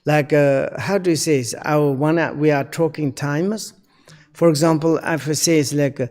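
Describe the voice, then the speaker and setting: A man giving a Dharma teaching in halting, non-native English. He pauses often with fillers while searching for words. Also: a little high, expressive, darkish tone, big-room sound. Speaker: Buddhist teacher.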